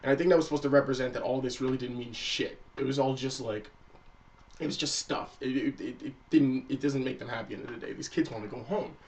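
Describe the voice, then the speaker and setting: A man's voice: medium pitch, steady tone, fast, far from the mic. Casual, profane man recapping an anime episode. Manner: loose and profane, acts out characters' lines. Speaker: anime review vlogger.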